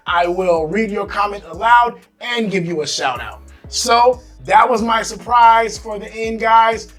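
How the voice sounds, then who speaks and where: An American man hosting his own vlog, talking casually and animatedly to camera in slangy speech. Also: high-pitched. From United States. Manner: animated, slangy, acts out quoted voices. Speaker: expat vlogger host.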